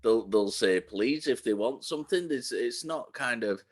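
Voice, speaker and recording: A man from England co-hosting a podcast, speaking in a measured way with hesitant restarts. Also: medium pitch, expressive. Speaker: podcast co-host. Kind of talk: casual chat.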